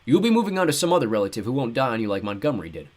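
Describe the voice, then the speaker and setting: A man voicing a loud, brash, chubby man who talks bluntly and dismissively. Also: medium pitch, sing-song, rapid-fire. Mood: booming brash. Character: booming brash chubby man, careless and smug.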